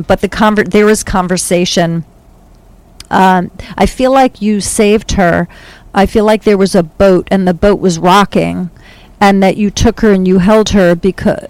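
Woman psychic reader, chatty and animated, casual session. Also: medium pitch, no room sound. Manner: animated, laughing, puts on playful voices. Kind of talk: casual spiritual reading.

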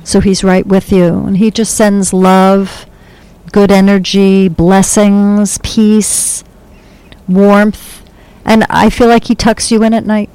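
A woman working as a psychic medium, talking in a gentle, soothing way with a rambling flow in a studio. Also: mid-range voice, level tone, slow pace, clean tone, poor audio. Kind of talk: spiritual reading, casual chat.

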